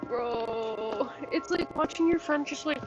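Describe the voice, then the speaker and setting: High, unhurried woman streamer; apologetic and giggly, game music behind. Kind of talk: let's play commentary. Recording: dull sound with game music.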